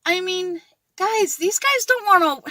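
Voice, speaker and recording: A woman's voice: extremely high pitch, animated, measured pace, sharp tone, no echo. A woman vlogger telling a store story in a casual, earnest, exasperated rant to camera.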